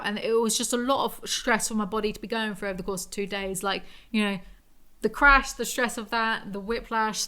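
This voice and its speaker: A young woman talking straight into her own podcast, loose and candid. Her voice sits mid-height for a woman. She rattles through quick asides, then slows down hard on the words she wants to land. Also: medium pitch, sharp tone. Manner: rambling and candid, heavy use of "like" fillers; swings between quick asides and slow emphatic phrases. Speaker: podcast host. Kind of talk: casual solo podcast storytelling.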